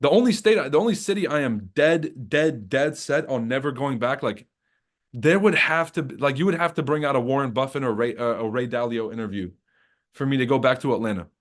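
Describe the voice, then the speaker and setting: A trading livestream host with a mid-range, brisk voice rants casually and swears heavily. He mocks things and laughs at his own jokes before moving into market commentary.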